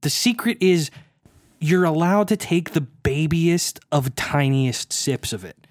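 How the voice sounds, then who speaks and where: A man's voice: fairly high pitch, expressive, unhurried, no echo, studio quality. A man co-hosting a casual podcast chat, riffing and laughing easily. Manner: giggly, riffing, jumps into silly voices. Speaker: podcast co-host.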